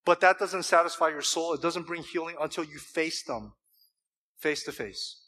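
A man's voice: on the high side, normal speed, pushed and bright. A man preaching a sermon to a church congregation, emphatic and full of rhetorical questions. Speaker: pastor.

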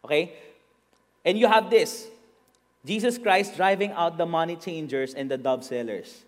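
A man with a Filipino accent preaching a sermon, mixing English and Tagalog, and rising to shouts for emphasis. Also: on the high side, measured pace, long reverb tail.

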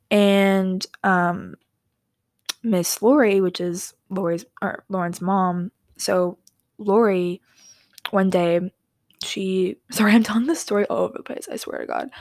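A young woman hosts a casual podcast and wanders through stories with giggles and apologetic asides. She often sinks into near-whispers. Her voice has a gravelly fry, and the sound is dry and close to the mic. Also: mid-range voice, no room sound. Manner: rambling, drifts into soft whispers. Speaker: podcast host.

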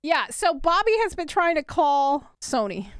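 Chatty high-voiced woman. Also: very animated, unhurried, no echo, studio quality. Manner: chatty, mocking impressions, swears. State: hiccups. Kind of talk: casual gaming chat.

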